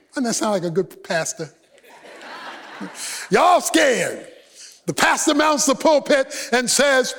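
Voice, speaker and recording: Pastor guy preaching, real high voice, long hall echo, goes loud then hushed, super animated. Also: slow pace, long pauses. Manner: emphatic call-and-response preaching, swings between loud and hushed. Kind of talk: sermon.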